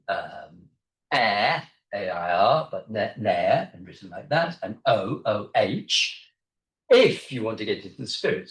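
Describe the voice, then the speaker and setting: A man giving an academic seminar talk as a guest lecturer, explaining in a conversational way with frequent hesitations, recorded in a seminar room. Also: fairly low pitch. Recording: echoey room.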